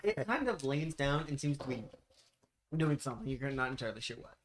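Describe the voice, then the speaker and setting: A woman running a tabletop game as game master, narrating scenes slowly and joking with the players. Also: a bass voice, very animated. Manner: drawn-out descriptive narration, slows down for effect. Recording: echoey room.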